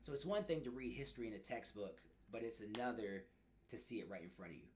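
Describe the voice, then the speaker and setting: A man's voice: lowish voice, animated, fast talker, slight background noise. A man hosting a reaction video, talking casually and upbeat between clips. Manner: upbeat, talkative, laughs often.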